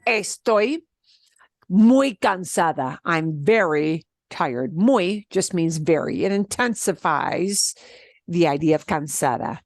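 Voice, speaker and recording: A woman teaching a beginner Spanish class, explaining step by step in an animated way and laughing often. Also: fairly low pitch, takes it slowly, no echo, studio quality. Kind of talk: beginner language lesson.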